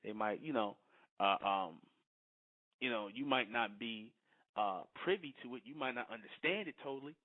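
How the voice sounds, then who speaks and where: A man's voice: medium pitch, moderate pace. A man preaching to followers, repeating his points and often asking whether listeners understand. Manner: repetitive, keeps asking "you understand?". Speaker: spiritual teacher. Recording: thin phone-like lo-fi audio.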